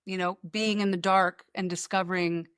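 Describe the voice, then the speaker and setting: A woman's voice: lowish voice, flat delivery, normal speed, fairly bright tone, clear, resonant tone, no echo, clean studio sound. A woman hosting a podcast, telling rambling, joking stories in casual chat. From United States. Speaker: podcast host.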